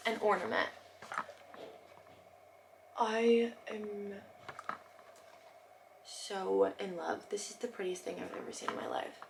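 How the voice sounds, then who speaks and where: A young woman vlogging as she unboxes gifts, gushing and excitable, sometimes dropping to a soft whisper. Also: mid-range voice, slow, creaky, long pauses. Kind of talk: casual unboxing vlog. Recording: noticeable background noise.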